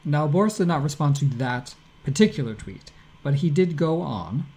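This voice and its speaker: A man co-hosting a casual podcast chat, with a somewhat high and mellow voice. He talks in an animated way and reads tweets aloud dramatically in his own voice. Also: normal speed, gravelly, breathy edge. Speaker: podcast co-host.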